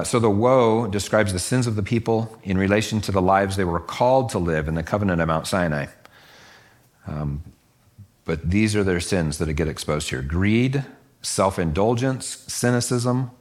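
A middle-aged man teaching a Bible passage casually, explaining the verses conversationally and acting out the voices of the listeners. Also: normal speed. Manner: conversational, acts out voices of the listeners with lively pitch jumps.

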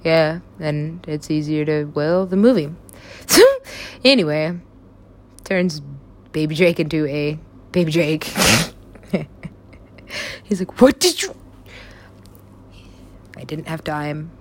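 A woman's voice: low voice, slow pace, pauses often. A young woman chatting casually and rambling about stories she has written, laughing often and swearing freely. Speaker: writer describing her own stories.

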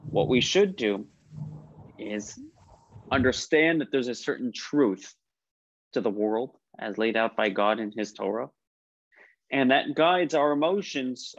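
Speaking at a medium pitch, this man is a rabbi giving a casual religious lesson, telling stories conversationally, restarting often and putting questions to the class. The audio sounds dry, yet slightly muffled with a bit of faint noise.

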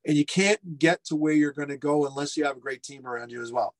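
Middle-aged man, lively anecdotal storyteller, restaurateur guest, fairly high pitch, video call. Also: fast. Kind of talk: casual storytelling interview. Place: home furnace room.

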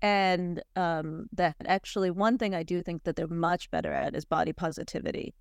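A woman in her forties hosting a podcast, telling stories in a chatty, animated way with lots of fillers. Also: fairly low pitch, moderate pace, gravelly, clear, resonant tone, no echo, clean studio sound. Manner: chatty, animated storytelling with frequent "like" and laughs. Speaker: podcast host. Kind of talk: casual chat.

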